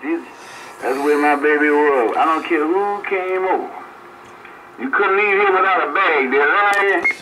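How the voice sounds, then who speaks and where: An older man with a somewhat high voice and a slightly slow pace chats casually on a CB radio. He reminisces in a folksy way and laughs often, and the CB audio is dull with a faint hiss.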